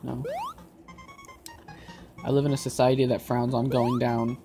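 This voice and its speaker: A woman's voice: extremely low pitch, level tone, measured pace, pauses often, dark tone, soft background music. A woman doing casual let's-play commentary, exasperated, swearing a lot and talking to herself as she plays. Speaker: gaming video creator.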